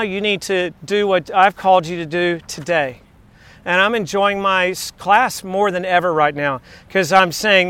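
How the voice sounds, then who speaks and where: A man in his fifties, a teacher giving a devotional message to his class, telling faith stories in an excitable, chatty, digressive way. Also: high-pitched, smooth, dry recording. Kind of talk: rambling faith storytelling to a class.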